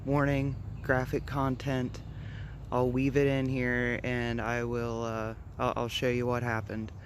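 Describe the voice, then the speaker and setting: A man chatting on his own vlog in a fenced backyard, excitable, rambling and easily flustered. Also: mid-range voice, measured pace, a little hiss or hum. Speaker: vlogger and backyard bird keeper. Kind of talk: casual vlog chat.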